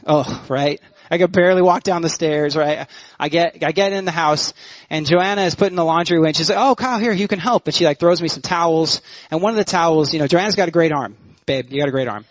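A man's voice: fairly high pitch, fast talker. Joking man preaching in echoing church. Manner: animated, joking, audience banter. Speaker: worship pastor. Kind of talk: humorous sermon storytelling. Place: church sanctuary. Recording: muffled church hall reverb.

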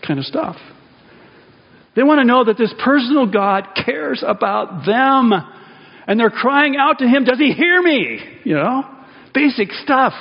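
A man preaching a sermon to a congregation in a relaxed, conversational way, often restarting phrases and rising sharply for emphasis. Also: extremely high pitch, unhurried. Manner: conversational, self-interrupting, rises emphatically on key points. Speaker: pastor. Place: church sanctuary. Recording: dull audio with long hall reverb.

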